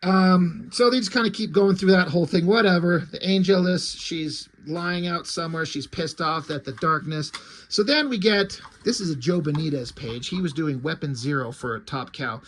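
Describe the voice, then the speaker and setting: Man, high-pitched, casual comic reviewer; blunt, swears a lot, meanders with ums. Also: moderate pace, fairly bright tone, a little hiss or hum. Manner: blunt, opinionated, swears freely; rambling, with frequent ums and trailing asides.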